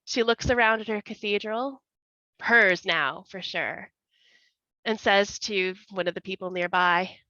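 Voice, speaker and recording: Slow, bright-voiced woman narrating a game. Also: mid-range voice, no echo. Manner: slow, vivid, dramatic storytelling. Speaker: player. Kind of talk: narrating a tabletop game scene. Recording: dull lo-fi sound.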